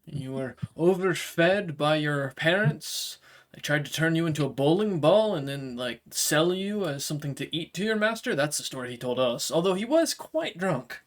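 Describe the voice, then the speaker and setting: A man voicing a calm, measured male dragonkin stranger in a tabletop game. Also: a little high, close to an everyday voice.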